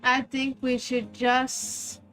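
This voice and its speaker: A woman's voice: sits high, monotone, slow, fairly bright tone, faint music behind, low-quality recording. A woman streaming a game and chatting in a laid-back, hesitant way with frequent giggles. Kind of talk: casual gameplay chat.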